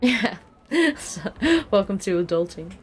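A young Dutch-accented woman talks casually through a gaming stream, chatty and excitable, with sudden yelps. Her voice sits at an ordinary pitch for a woman. Faint gunfire and game sounds play behind her. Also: unhurried, slight background noise. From Netherlands.

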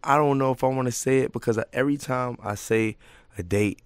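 A young man talking as a guest in a casual interview, relaxed and full of slang, laughing as he tells stories. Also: mid-range voice, a little fast, smooth, no room sound. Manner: laid-back slang, laughs through stories. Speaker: guest rapper.

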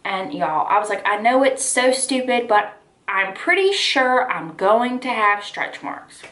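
A woman's voice: mid-range voice, a bit bright, echoey room. A young woman talking candidly to camera, chatty and full of "like" and "y'all". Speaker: lifestyle vlogger. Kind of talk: casual heart-to-heart talk to camera.

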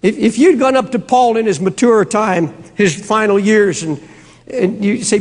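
A man's voice: sits high, normal speed. A man preaching an impassioned sermon who breaks into screaming at times. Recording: long hall reverb.

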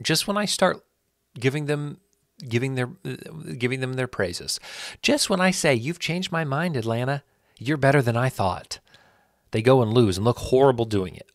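Deep-voiced man rambling through rankings. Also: no echo, clean studio sound. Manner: rambling, self-correcting, animated when ranting. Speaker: sports channel host. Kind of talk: casual solo commentary.

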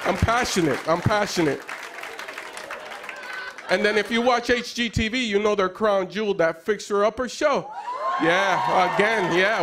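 Wry high-voiced comedian over a laughing crowd. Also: male voice. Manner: self-deprecating, wry, builds to excited yelling. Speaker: stand-up comedian. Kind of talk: stand-up set on late-night TV. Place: TV studio stage before a live audience. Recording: broadcast studio with loud crowd noise. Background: audience laughter and applause.

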